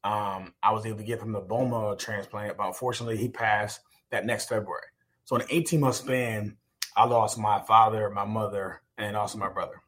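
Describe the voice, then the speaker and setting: A man's voice: fairly low pitch, fairly even intonation, fairly quick, fairly bright tone. American guy in his 40s, ex-athlete, earnest storytelling on a podcast, lots of ums. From United States. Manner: earnest, with many fillers and restarts. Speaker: podcast guest, former pro football player. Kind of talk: reflective personal storytelling.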